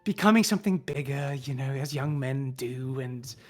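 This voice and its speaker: A woman's voice: a bass voice, expressive, normal speed, darkish tone. A woman voicing a chatty, fussy older woman cook who rambles and dotes on children. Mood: fond. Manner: rambling, hesitant, doting.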